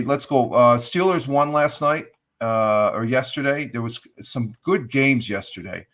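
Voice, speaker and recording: A man's voice: medium pitch, a bit bright. A man hosting a casual morning livestream, rambling with many fillers and reading the chat aloud. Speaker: livestream host. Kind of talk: casual live-stream chat.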